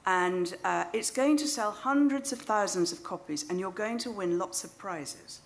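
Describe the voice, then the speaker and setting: A woman's voice: medium pitch, normal speed, slight background noise, natural voice. A woman with a British English accent quoting an old female psychic who makes solemn, ominous pronouncements. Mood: prophetic.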